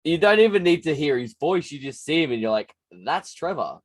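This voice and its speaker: A man co-hosting a podcast in animated, sweary casual chat. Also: fairly high pitch, fast talker, no room sound. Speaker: podcast co-host.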